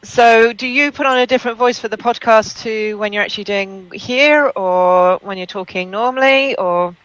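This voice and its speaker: A podcast host asking loose, curious questions. The voice sits at a middle pitch. The sound is dry and close to the mic. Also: normal speed, fairly bright tone, clean tone, no room sound, dull audio. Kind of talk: interview questions.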